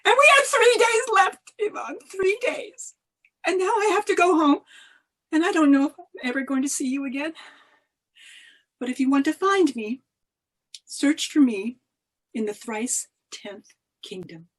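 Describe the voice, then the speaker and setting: A woman storyteller voicing a gentle, sorrowful enchanted young maiden who pleads earnestly in a husky voice. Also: fairly high pitch, lively intonation, takes it slowly, pauses often, heavily acted, low-quality recording.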